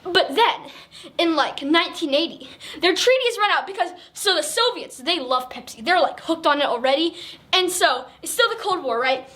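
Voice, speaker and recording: Very high-voiced rambling young woman. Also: animated, moderate pace, bright, forceful tone. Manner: rambling, self-correcting, giggly. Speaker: presenter explaining history. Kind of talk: casual explainer over on-screen pictures.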